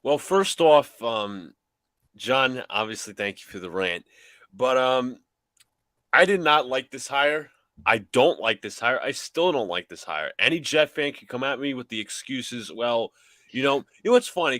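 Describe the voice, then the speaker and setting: A man's voice: mid-range voice, a bit bright, dry recording. A man hosting a sports podcast, arguing his points emphatically and repeating lines for effect. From New York area. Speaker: podcast host. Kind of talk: animated sports debate.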